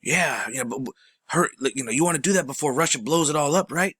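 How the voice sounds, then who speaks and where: A man's voice: fairly high pitch, quick pace, a bit bright, breathy edge, no echo, studio quality. Rambling man calling viewers folks. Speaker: commentary show host. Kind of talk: casual conspiracy commentary.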